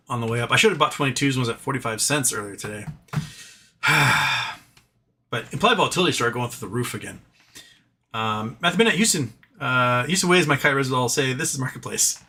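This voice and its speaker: A man's voice: mid-range voice, bright, forceful tone. A man hosting a casual live stream, rambling and self-deprecating as he reads viewer chat, with sighs and the odd swear. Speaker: livestream host reading viewer chat.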